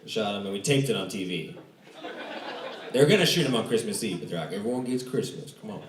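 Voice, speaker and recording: A young man from Romania doing stand-up, telling dark jokes in a dry, low-key way on a comedy club stage. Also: animated, fast talker. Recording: roomy echo, distant mic, noisy club.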